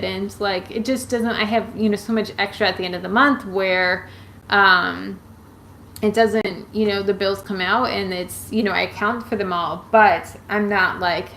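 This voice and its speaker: A woman's voice: mid-range voice, moderate pace, fairly bright tone, a little hiss or hum, poor audio. A woman chatting casually on a live stream, rambling with many fillers and restarts as she answers viewers' comments. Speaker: YouTuber answering viewer questions.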